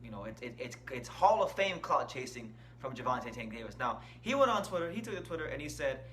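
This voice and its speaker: Bright-voiced man giving emphatic boxing commentary. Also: mid-range voice, animated, fairly quick, slight background noise. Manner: emphatic, opinionated, stresses key words. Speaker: boxing channel host. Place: indoor room with shirts on the wall.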